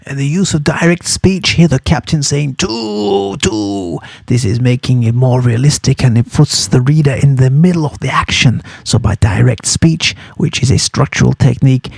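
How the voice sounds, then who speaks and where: A man's voice: medium pitch, creaky, darkish tone, slightly rough, no room sound. A man explaining a novel to students. He is hesitant, repeating words and correcting himself as he goes. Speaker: teacher. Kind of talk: study guide explanation.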